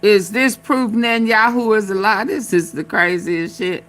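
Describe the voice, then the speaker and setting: Sassy lady streamer reacting to clips, sharp bright voice, real slangy and chatty. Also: medium pitch, normal speed. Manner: sassy, talks back at the clips; loose colloquial slang. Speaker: live-stream host. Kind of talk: casual live-stream commentary.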